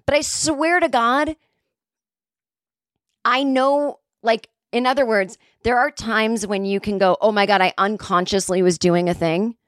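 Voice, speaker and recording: A woman's voice: mid-range voice, fairly even intonation, moderate pace, few pauses, no echo, clean studio sound. A woman in her forties telling a casual, rambling anecdote. She mocks herself and swears freely. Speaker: comedic storyteller.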